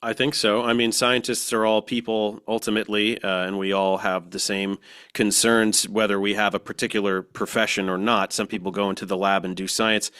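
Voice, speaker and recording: A man's voice: fairly low pitch, flat delivery, normal speed, bright, forceful tone, clear, resonant tone. A man who is a guest in an interview, explaining in a casual, matter-of-fact way with examples. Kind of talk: conversational interview.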